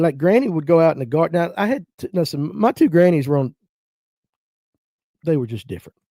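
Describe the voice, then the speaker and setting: A man's voice: a little high, gravelly, mellow, no room sound, studio quality. A man in his fifties with a North Georgia Southern accent, hosting a casual livestream chat, reading viewer comments and telling folksy family stories. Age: 50s. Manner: folksy storytelling, acts out relatives' voices. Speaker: livestream host.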